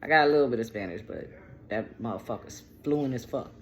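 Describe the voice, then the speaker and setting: A woman's voice: rumbling low, lively intonation, a little fast, slight background noise. A woman giving a casual tarot reading, chatty and digressive, with slang and profanity. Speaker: tarot reader.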